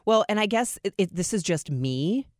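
A middle-aged woman, a radio host, telling her career story in a lively, self-deprecating way and acting out quoted lines. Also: moderate pace, no echo, studio quality. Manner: lively, self-deprecating, acts out quotes with big pitch jumps. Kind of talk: conversational interview storytelling.

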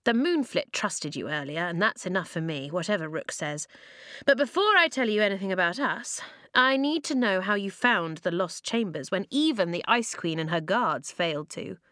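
A woman voicing a calm boy who leads his tribe and speaks in a measured way. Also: mid-range voice, no room sound, clean studio sound, natural voice. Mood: firm.

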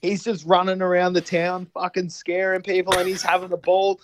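A man recounting a film plot in rambling, animated casual chat, swearing freely. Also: high-pitched, normal speed, background noise.

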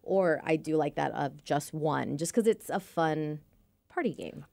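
Woman co-host, lively and bubbly, lowish pitch, dry studio sound. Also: a little slow, gravelly, no room sound. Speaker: podcast co-host. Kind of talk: casual chat.

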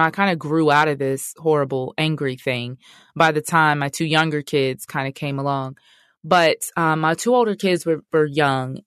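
A woman's voice: deep voice, no room sound, clean studio sound. A middle-aged woman, hosting a personal faith talk in a candid, conversational way that speaks straight to her listeners. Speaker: podcast host.

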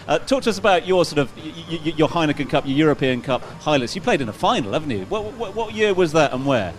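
A man's voice: a little high, very animated, fast talker, a little hiss or hum. A man with a Hereford accent interviewing a guest, asking questions conversationally with frequent stammering restarts.

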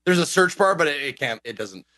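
A man's voice: on the high side, animated, brisk, bright, forceful tone. A man co-hosting a casual chat show, rambling with lots of restarts and fillers as he tells stories. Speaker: co-host.

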